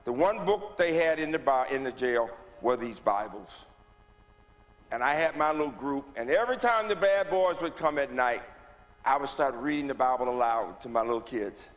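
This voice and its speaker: A man, giving a personal testimony as a guest speaker, moving from hushed tones to rising, forceful delivery. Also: mid-range voice, lively intonation, moderate pace. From Birmingham, Alabama. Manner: dramatic storyteller, swings from hushed to rising loud. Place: church. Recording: long reverb of a church hall.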